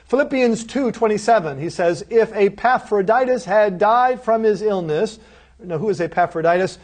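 A man giving a recorded course lecture, emphatic, asking rhetorical questions and answering them himself, slowing down and dropping softly on key phrases. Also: sits high. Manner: slows right down and drops softly on key phrases. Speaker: seminary lecturer.

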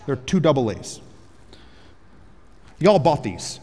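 A pastor preaching a sermon on a headset mic in a large church auditorium, energetic and joking, rising to shouts for emphasis. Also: male voice, mid-range voice, slow pace, slightly rough, long reverb tail.

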